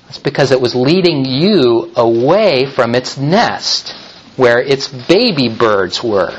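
A man preaching a sermon in a slow, deliberate way, now and then turning to speak directly to the children. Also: medium pitch, very animated, husky, lo-fi sound. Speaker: pastor.

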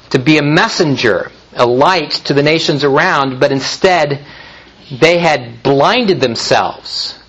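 A man preaching a sermon in a measured way, with frequent pauses and restarts. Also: on the high side, a bit bright, low-quality recording. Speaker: pastor.

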